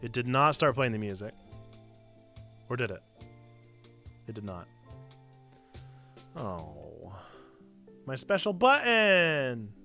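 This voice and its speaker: Playful bright-voiced male streamer. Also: on the low side, animated, slow pace, vocal fry, pauses often, faint music behind. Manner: playful, self-mocking, chatty asides to chat. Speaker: streamer and church community host. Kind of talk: casual live-stream chat with reading aloud.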